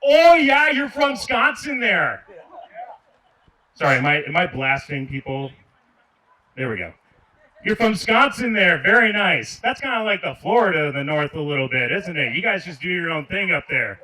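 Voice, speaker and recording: At a park's outdoor stage, a Michigan man's sarcastic comedy set has him ribbing and directly addressing the audience. His slightly high voice is animated, bright and forceful, moving fairly quickly through a handheld stage mic. It is recorded from a distance, with faint noise.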